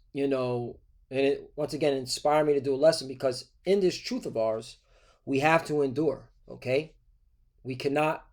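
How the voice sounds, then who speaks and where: A man's voice: medium pitch, a little mellow. Man preaching a casual lesson. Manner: conversational, peppered with "all right" and "okay" tags; halting, repeated fillers and restarts. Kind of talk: informal sermon lesson.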